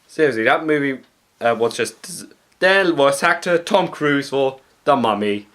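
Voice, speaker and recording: A man's voice: medium pitch, lively intonation, measured pace, fairly bright tone. A man giving casual comedic commentary as a vlogger, rambling with fillers. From Britain. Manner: rambling, with frequent fillers and restarts.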